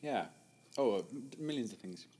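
A man's voice: medium pitch, expressive, normal speed, warm tone, a little hiss or hum. A young man co-hosting a casual movie commentary, teasing with dry, wry asides. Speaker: podcast co-host, mentalist.

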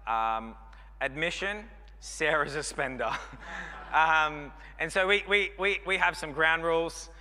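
Joking Australian pastor with a bright voice. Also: male voice, a little high. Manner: chatty, joking, rambling with many fillers. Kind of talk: sermon. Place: church hall. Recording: long hall reverb.

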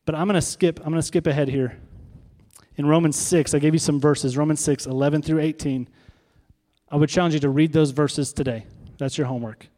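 A fairly high-voiced man preaches in a relaxed, talky way, tossing questions out to his listeners. His voice rings with the long reverb of a large hall. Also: fairly quick. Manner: conversational preaching with rhetorical questions to the congregation. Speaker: pastor. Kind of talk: sermon.

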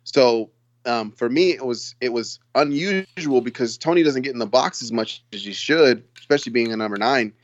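A man co-hosting a casual football podcast, talking in an excitable, rambling way and laughing often. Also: mid-range voice, normal speed, dull audio. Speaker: podcast co-host. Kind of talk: casual sports chat.

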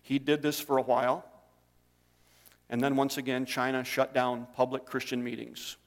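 A man preaches to his congregation, telling stories in a plain, conversational way. His voice sits at an ordinary middle pitch. It rings out with the long reverb of a church hall. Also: little pitch movement, normal speed. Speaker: pastor. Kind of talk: sermon.

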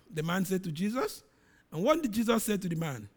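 A middle-aged man preaches a sermon in a high voice. His pitch swings widely as he reads scripture with dramatic emphasis, rising loud and then falling quiet. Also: animated, fairly quick.

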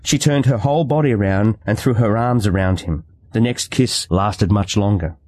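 Brief: low, mellow man reading a novel aloud, steady and measured. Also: no room sound. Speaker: audiobook narrator. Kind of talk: scripted narration.

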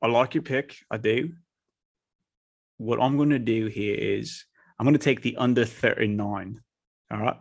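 A man's voice: mid-range voice, steady tone, measured pace, gravelly, pauses often, husky. Man putting on a jokey British sports pundit. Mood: mock-British.

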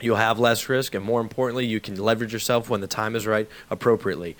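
A man hosting a radio show, retelling a conversation and pitching a sponsor's offer. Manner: fast, animated storyteller who re-enacts both sides of a conversation; urgent promotional delivery.

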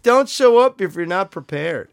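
Gravelly man giving blunt advice. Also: high-pitched, animated, moderate pace, dry recording, studio quality. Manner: blunt, laughs often, gives advice. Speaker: comedian and actor guest. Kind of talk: casual podcast chat.

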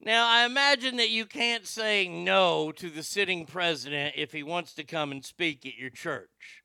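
A man's voice: sits high, measured pace, vocal fry, pushed and bright, smooth, no room sound. A man hosting a political commentary show, sarcastic and profane, mocking what he plays. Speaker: host.

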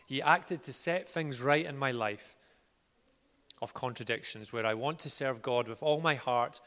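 A man preaching a sermon in an earnest way, moving from quiet words to loud ones. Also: medium pitch, a little slow. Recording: reverberant hall.

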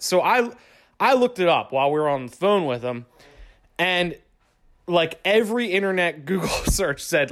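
A young man telling a long story in casual speech, excitable and swearing, with lots of "like". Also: on the high side, moderate pace. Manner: swearing, excitable, heavy use of "like".

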